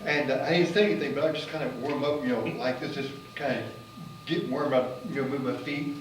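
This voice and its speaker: A man from the United States, a magician and comedian, casually telling a travel story in a rambling way full of fillers, getting animated at the exciting parts. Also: medium pitch, fairly quick. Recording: roomy and distant with faint noise.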